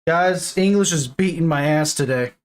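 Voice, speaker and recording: A woman's voice: deep voice, moderate pace. A woman in a casual let's-play, joking and swearing while she voices a story game's lines. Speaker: gamer playing and voicing a story game. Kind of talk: casual let's-play commentary and reading aloud.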